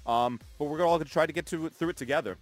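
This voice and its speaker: A man's voice: fairly high pitch, quick pace, soft background music. A man co-hosting a morning radio show, joking and laughing often. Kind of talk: casual radio banter. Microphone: studio microphone.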